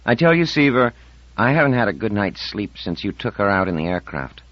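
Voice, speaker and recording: A man's voice: on the low side, sing-song, a little fast, dry recording. A man reading an audiobook, voicing an anxious, stern middle-aged mother who pleads and bristles. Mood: anxious, indignant. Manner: raised, pleading, indignant. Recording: dull dry audiobook recording.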